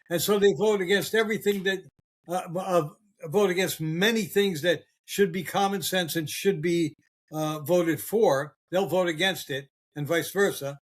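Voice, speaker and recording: An older man hosting a podcast, in casual political chat. He gets heated, swears and stumbles over fillers. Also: high voice. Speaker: podcast host.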